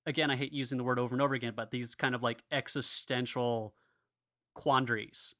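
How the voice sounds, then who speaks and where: Bright-voiced man chatting on a podcast. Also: mid-range voice, fairly even intonation, a little fast, no room sound, clean studio sound. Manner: rambling, restarts often, laughs while talking. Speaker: podcast co-host. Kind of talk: casual podcast discussion.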